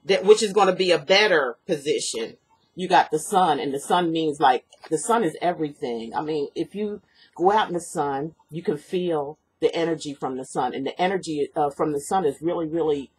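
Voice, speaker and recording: Husky-voiced woman giving a rambling tarot reading. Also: deep voice, moderate pace. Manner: rambling, earnest, repeats herself, lots of fillers. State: sniffly from allergies. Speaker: tarot reader. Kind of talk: personal tarot reading to camera.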